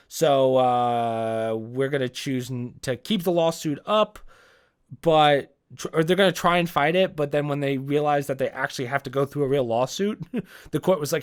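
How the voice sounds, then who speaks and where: A man's voice: medium pitch, moderate pace, clear, resonant tone. Young male podcaster riffing solo; loose, profane, rambling, searches for words mid-sentence. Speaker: podcast host. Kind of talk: casual solo podcast commentary.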